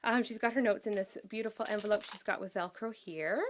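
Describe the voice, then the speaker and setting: A woman's voice: medium pitch, brisk, a little hiss or hum. Gushing woman showing off a scrapbook. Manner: enthusiastic, gushing, with many ums. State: out of breath. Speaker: craft vlogger. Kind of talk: casual show-and-tell of a scrapbook album.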